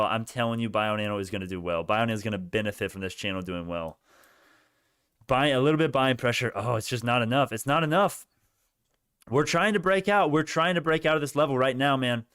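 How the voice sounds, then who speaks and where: A young man hosting a stock market livestream, talking straight to his chat viewers with lots of restarts and growing excitement. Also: mid-range voice, smooth, no echo, studio quality. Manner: animated, talks to chat viewers, many restarts, rising excitement. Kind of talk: excited live market commentary.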